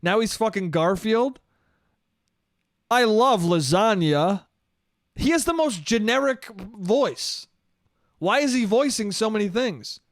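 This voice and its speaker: A man's voice: high voice, lively intonation, a little slow, no room sound, studio quality. A young man ranting on his own comedy podcast, rambling and swearing, with "dude" thrown in often. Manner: profane, rambling, says "dude" a lot. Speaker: podcast host. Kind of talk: solo comedic podcast rant.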